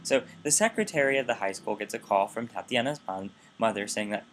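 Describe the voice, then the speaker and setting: A man's voice: on the low side, fairly quick, a bit bright, faint music behind. A man giving a recorded linguistics lecture, explaining carefully and often correcting himself mid-sentence. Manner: explanatory, with frequent restarts and self-corrections.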